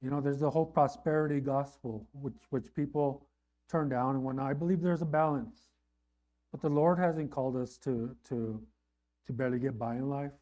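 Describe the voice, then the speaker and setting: Warm-toned man preaching conversationally. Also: fairly even intonation, normal speed, lo-fi sound. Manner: conversational preaching, frequent "right?" asides; rises in pitch and volume on emphatic lines. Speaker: pastor. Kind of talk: sermon.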